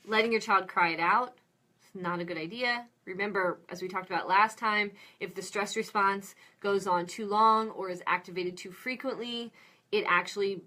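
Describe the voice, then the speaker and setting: A woman giving an informal mini lecture on parenting, explaining clearly with a friendly manner and acting out example phrases. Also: mid-range voice, pushed and bright.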